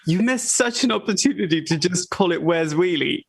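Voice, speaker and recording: A man's voice: high-pitched, animated, normal speed, vocal fry, breathy edge. A man on a comedy panel, tossing out dry one-line jokes.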